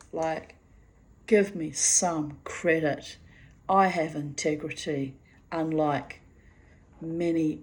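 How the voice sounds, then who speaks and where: A woman's voice: low-pitched, a little mellow. A middle-aged woman reading her diary aloud and chatting about it in a wry, self-mocking way that breaks into laughter. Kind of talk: casual spoken diary reading.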